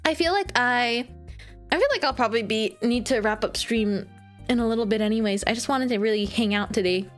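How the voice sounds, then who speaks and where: A young woman streamer in casual chat with her viewers, giggly and animated, squealing when she quotes herself. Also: a little high, a little fast, faint music behind.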